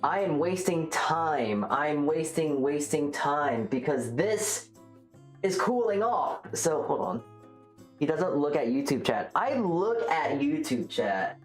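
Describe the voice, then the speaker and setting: A woman livestreamer chats casually and rambles, reacting to chat and joking at her own expense. Her voice is deep and animated but slow-paced, with faint music behind her and a roomy echo on the recording.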